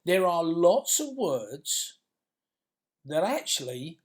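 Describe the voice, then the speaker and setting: Middle-aged male vlogger, fairly high voice, chatty and playful, keeps checking in with the viewer. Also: sing-song, slow, husky. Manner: chatty, tag questions like "yeah?", playful. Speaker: content creator and filmmaker. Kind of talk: casual talk to camera.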